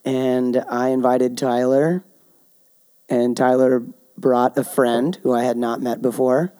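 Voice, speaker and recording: A man's voice: mid-range voice, flat delivery, takes it slowly, mellow, clear, resonant tone. A man in his twenties co-hosting a podcast, chatting casually and laughing easily. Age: 20s. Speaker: podcast co-host. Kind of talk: casual chat.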